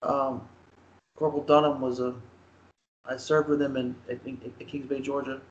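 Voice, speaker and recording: A man co-hosting a casual sports podcast, talking in an earnest, halting way with many restarts. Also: medium pitch, flat delivery, highs cut off. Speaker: podcast co-host. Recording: roomy echoey sound.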